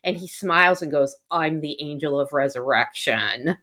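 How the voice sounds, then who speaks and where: A woman with a slightly low voice, chatting casually as she animatedly recaps a story. She quotes the characters as she goes and keeps her own plain voice for them. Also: moderate pace, sharp tone. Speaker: book discussion co-host. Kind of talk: casual chat recapping a book plot.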